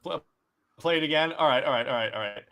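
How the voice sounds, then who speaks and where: A young man with a slightly high, sharp-toned voice co-hosts a casual movie review podcast at a quick pace. He talks enthusiastically and rambles, often starting his sentences over.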